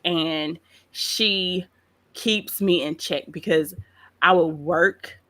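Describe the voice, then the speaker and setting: A woman guest on a podcast, chatting casually and telling animated stories, often laughing. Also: fairly low pitch, drawn-out words. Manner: lively storyteller, acts out quotes in voices; laughs often while talking. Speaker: guest, pastry chef.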